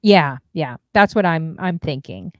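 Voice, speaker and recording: A woman's voice: low voice, lively intonation, a little slow, crowd noise. A woman hosting a casual interview, talking in a chatty, rambling way with lots of fillers and some exasperation. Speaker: interview host and DJ streamer.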